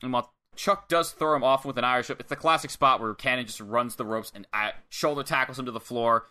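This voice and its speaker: Bright-voiced man recapping casually. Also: medium pitch. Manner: loose, swearing play-by-play storytelling with quick put-on voices. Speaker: podcast co-host recapping a wrestling match. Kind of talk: casual chat.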